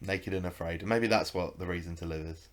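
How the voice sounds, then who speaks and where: A man's voice: sits low, steady tone, a little fast. A British man co-hosting a podcast, chatting in a rambling, laughing way. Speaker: podcast co-host. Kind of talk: casual chat.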